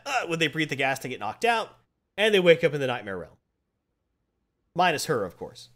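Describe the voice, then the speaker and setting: A man in a casual chat who recaps a comic book with lively energy. His voice sits a little high and his pitch jumps around freely. He slips into quick character voices mid-story. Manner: animated retelling, acting out quotes. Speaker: podcast host.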